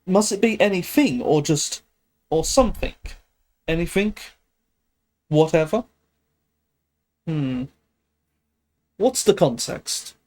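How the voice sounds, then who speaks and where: This man, a streamer studying Greek, has a fairly high, animated voice with a darkish tone. He thinks aloud slowly through a language exercise on a live stream, pausing often at a leisurely pace, hesitant and checking himself along the way.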